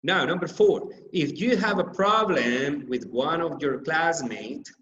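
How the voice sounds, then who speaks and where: A man whose first language is Spanish, teaching English grammar from slides, slowly repeating example sentences and stressing key words. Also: a little high, animated, fairly bright tone, lo-fi sound, a little hiss or hum. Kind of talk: slide-based grammar lesson. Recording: echoey room.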